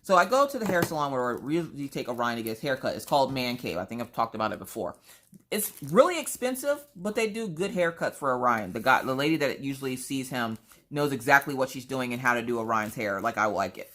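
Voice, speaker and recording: Low-voiced woman telling a story. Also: fast. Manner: animated storyteller acting out other people's lines. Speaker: crafting vlogger. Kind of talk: casual storytelling chat.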